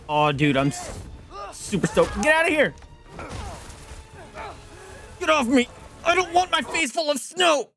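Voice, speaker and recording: A high-voiced, excitable young man streaming a game, leaping all over his range as he whoops, swears and yells at the screen. He drawls between outbursts, with faint music playing underneath. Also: measured pace, pauses often. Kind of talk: excited gameplay commentary.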